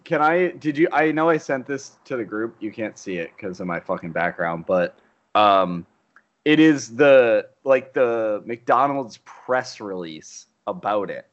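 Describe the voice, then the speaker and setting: A man in casual podcast banter who delivers deadpan sarcasm and swears easily. His voice sounds a little dull and lo-fi through his microphone. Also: mid-range voice, measured pace. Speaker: podcast co-host. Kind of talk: casual chat. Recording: dull lo-fi mic.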